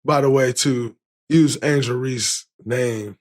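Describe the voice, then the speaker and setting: A man in his thirties hosting a podcast, telling a story in a casual, animated way, with lots of laughter and swearing. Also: mid-range voice, takes it slowly. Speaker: podcast host.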